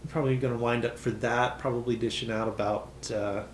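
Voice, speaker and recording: Relaxed man running a tabletop game. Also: medium pitch, a little fast, slight background noise. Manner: relaxed, with frequent ums. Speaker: game master. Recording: roomy echo.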